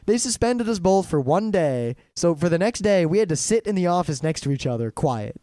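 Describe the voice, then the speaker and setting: A man's voice: high voice, very animated, a little fast, warm tone, dry recording. A young man co-hosting a podcast, telling rambling stories in casual chat. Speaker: podcast co-host.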